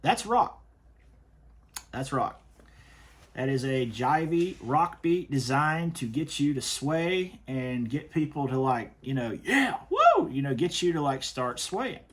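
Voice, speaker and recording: A man's voice: medium pitch, unhurried, faint music behind. A man hosting a commentary show, talking in an emphatic, stern way and often repeating himself. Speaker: host reviewing worship music. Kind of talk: opinionated commentary.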